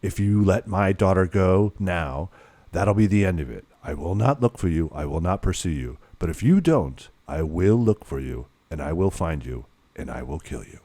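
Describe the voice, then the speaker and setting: A man voicing a calm, menacing middle-aged father who threatens a kidnapper over the phone in slow, low, measured words. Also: no room sound. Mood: icy, threatening.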